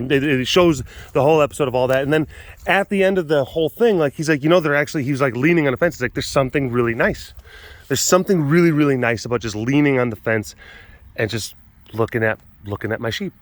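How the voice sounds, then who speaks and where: Hosting a webcast from a wild animal facility's outdoor compound, a man chats in a rambling, filler-heavy way, laughs a lot and acts out quotes. His voice is a little high, with no room sound.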